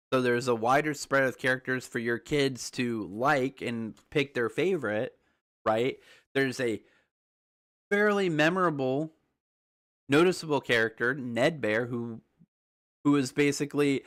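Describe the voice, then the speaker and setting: A man's voice: mid-range voice, fairly bright tone. A young man explaining game theories in a casual, rambling way, often checking in with the listener. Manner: rambling, conversational, often asks "right?". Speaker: YouTuber.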